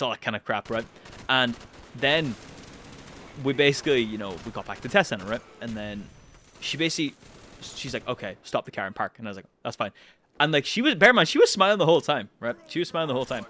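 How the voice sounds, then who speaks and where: A young man tells a story to camera in casual commentary. He talks in an animated way, swears freely and jumps high in pitch when he gets excited. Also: slight background noise. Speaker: channel host.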